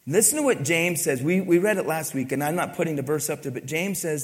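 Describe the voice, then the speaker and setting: A man's voice: fairly high pitch, animated, a little fast, hardly any pauses. A man preaching a sermon, asking the congregation questions and pressing his points with emphasis. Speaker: pastor. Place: church. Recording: long reverb of a church hall.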